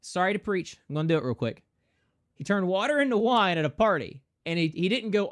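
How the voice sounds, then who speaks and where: A male streamer holds forth in a casual, preachy rant with a lively pitch that swings up and down. He talks emphatically and slips into quick mocking voices to make his point.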